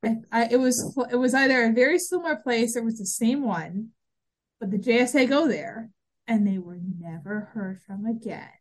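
A woman's voice: fairly high pitch, normal speed. Chatty woman podcast co-host. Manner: chatty, frequent restarts and fillers. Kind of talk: casual chat recapping a TV episode.

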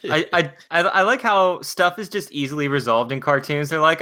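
A man's voice: on the high side, normal speed, bright, forceful tone. A man hosting a casual podcast chat about a cartoon, asking the others questions and joking. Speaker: podcast host.

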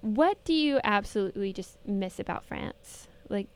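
A woman's voice: mid-range voice, lively intonation, moderate pace, no room sound. A young woman with an American accent hosting a casual radio interview, bubbly and chatty, with many "like"s. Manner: bubbly, chatty, says "like" often. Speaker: radio host.

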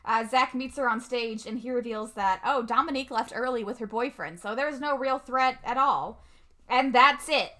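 High bright-voiced woman recapping a film. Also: normal speed. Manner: chatty, many "um"s, laughs often. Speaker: podcast co-host. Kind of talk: casual movie recap.

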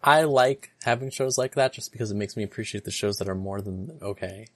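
Podcast co-host, casual chat, animated storytelling, dry close sound. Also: mid-range voice, fairly quick, dry recording.

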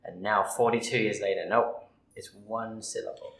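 A man's voice: fairly low pitch, fairly even intonation, moderate pace, fairly bright tone. Man ranting in an echoey room. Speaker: podcast co-host. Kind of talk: casual podcast chat.

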